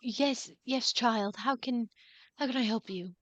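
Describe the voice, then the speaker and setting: Woman doing a gentle old-fashioned male priest. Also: on the high side, unhurried, muffled recording, close to an everyday voice. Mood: soothing.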